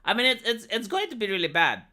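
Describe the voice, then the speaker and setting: A woman's voice: medium pitch, big pitch swings, fast, bright, forceful tone. A woman from Romania, ranting on a casual livestream, swearing often and restarting her sentences. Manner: profane, exasperated, many restarts and fillers.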